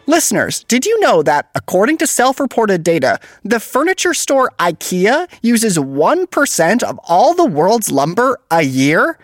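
A woman's voice: mid-range voice, sing-song, a little slow, few pauses, dry recording. A woman playing Jimmy, a cheerful, cookie-loving male host who floats, with goofy, dramatic delivery in a kids' audio comedy. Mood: excitable. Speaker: podcast co-host.

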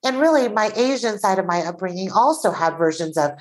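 A Taiwanese-born woman, an author and podcast guest, talking earnestly in an animated conversational way. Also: mid-range voice, brisk, low-quality recording.

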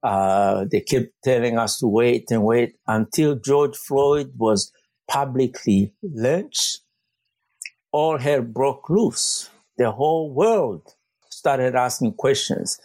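A man's voice: mid-range voice, slow pace, darkish tone, dry recording. A man working as a community organizer, answering interview questions earnestly with frequent fillers and restarts. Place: Vancouver.

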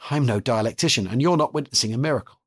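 A man reading aloud voices a strange, ageless male holy fool who speaks in a mournful, sing-song and earnest manner, with a husky tone. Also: medium pitch, rapid-fire, lightly acted.

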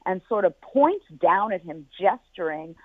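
A woman, a former football team executive, answering interview questions in an articulate, measured way and telling lively anecdotes. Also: lowish voice, no echo. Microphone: telephone. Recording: tinny phone line.

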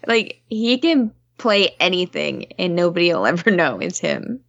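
Female podcast co-host, low gravelly voice, wry, dull dry recording. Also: sing-song, moderate pace, a bit bright, no room sound. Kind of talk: casual movie review chat.

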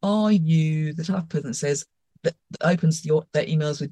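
A woman co-hosting a podcast, talking in a brisk, emphatic way in casual chat. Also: low voice, warm tone, dry recording. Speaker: podcast co-host.

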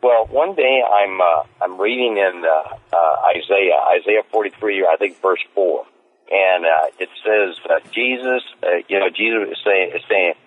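A man telling stories as an interview guest, rambling and repeating himself as he gets excited. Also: low voice, unhurried. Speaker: street evangelist guest. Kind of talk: casual interview storytelling. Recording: tinny phone line.

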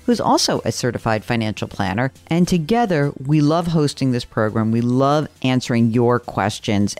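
A woman's voice: rumbling low, darkish tone. A woman hosting a radio call-in show, chatty and joking with callers. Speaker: host.

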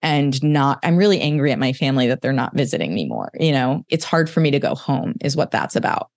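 Podcast host, candid emotional talk, quick bursts, dry close mic. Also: mid-range voice, animated, creaky, no room sound. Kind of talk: podcast conversation.

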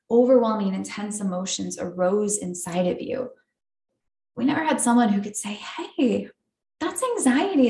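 A woman hosting a podcast, explaining things in a gentle, reassuring way. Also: fairly high pitch. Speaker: podcast host. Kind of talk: educational podcast talk. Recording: roomy echo.

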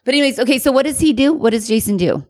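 A woman co-hosting a podcast in casual chat, animated and swearing freely. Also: sits high, racing, dry recording, studio quality. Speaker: podcast co-host.

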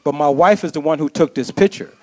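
A man's voice: a little high, fast. A man giving an impassioned testimony to a church congregation, repeating phrases for emphasis. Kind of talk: sermon testimony.

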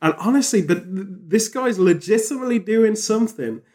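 A man chatting on a podcast, rambling and animated, with frequent restarts. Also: high voice, a little fast. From England. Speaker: podcast host. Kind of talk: casual podcast chat.

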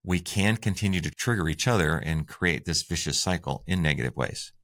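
A man's voice: low voice, expressive, fairly quick, fairly bright tone. A man co-hosting a relationship advice talk show, upbeat and conversational as he shares tips. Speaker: co-host.

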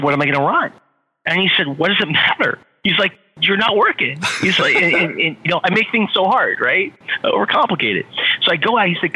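Middle-aged man, interview guest, animated storyteller, husky and very bright, roomy long-reverb sound. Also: fairly high pitch. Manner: animated, repeats phrases for effect. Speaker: guest, author and entrepreneur.

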